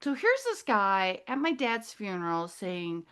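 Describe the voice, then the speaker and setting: A woman's voice: mid-range voice, very animated, unhurried, hardly any pauses, a bit bright, clean tone. A middle-aged woman telling a rambling personal story as a guest speaker, losing her thread and apologizing as she goes. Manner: scattered, loses her thread, apologetic asides.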